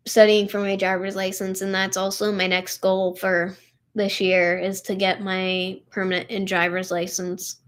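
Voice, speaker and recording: Tired, emotional young woman streaming. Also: mid-range voice. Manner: emotional, tired, heavy use of "like" and "literally". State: tired and upset. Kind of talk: casual live stream chat.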